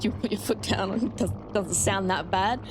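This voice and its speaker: An Australian woman streams a horror game, chatting casually with her viewers and swearing freely. Her voice is mid-range and her pace moderate, with a noisy background behind her.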